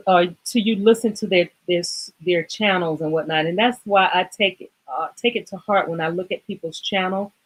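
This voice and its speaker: On a low-quality recording, a woman with a mid-range voice hosts a casual fitness livestream. She rambles emotionally, getting choked up and apologizing as she talks.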